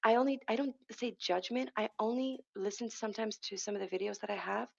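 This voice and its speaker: Gravelly-voiced woman rambling in an interview. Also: on the high side, steady tone, fast talker, muffled recording. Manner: rambling, with frequent restarts and self-corrections. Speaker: podcast guest, hypnotherapist and energy healer. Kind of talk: casual conversational interview.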